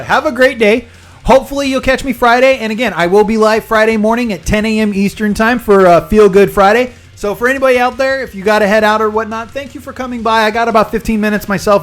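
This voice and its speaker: High-voiced chatty male streamer. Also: a bit bright. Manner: chatty, rambling storyteller who explains jargon. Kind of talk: casual live-stream chat and storytelling.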